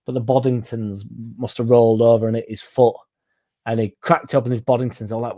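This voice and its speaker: A man's voice: mid-range voice, fairly even intonation, quick pace, warm tone. A young man with a Yorkshire accent, chatting casually as a fan channel host, swearing and joking like one of the lads. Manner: sweary, laddish and jokey. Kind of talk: casual chat.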